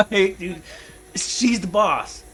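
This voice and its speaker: A man's voice: sits high, extremely slow, bright, forceful tone, poor audio. A young man gaming at home, telling a long rambling story, laughing often and calling people dude and man. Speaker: gaming streamer. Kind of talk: casual storytelling while gaming.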